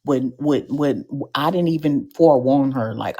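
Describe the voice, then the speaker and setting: A woman hosting a live podcast show, telling stories in an animated, slangy way with comic asides to the audience. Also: low-pitched, normal speed, husky. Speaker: podcast host.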